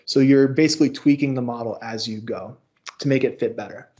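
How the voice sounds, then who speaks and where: A man's voice: mid-range voice, fairly quick, warm tone, lo-fi sound. A male instructor giving a casual, explanatory recorded lecture walkthrough with informal asides.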